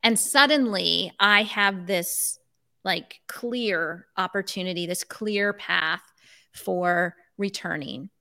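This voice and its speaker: A woman's voice: fairly low pitch, takes it slowly, creaky. A middle-aged woman, a life coach, telling a personal story in conversation and acting out remembered dialogue. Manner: animated, acts out remembered dialogue.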